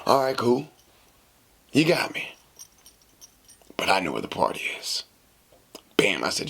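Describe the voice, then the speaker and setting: A man hosting a podcast, telling a casual story in a slangy, animated way and acting out the dialogue. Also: sits low, normal speed, gravelly, long pauses, husky. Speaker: podcast host.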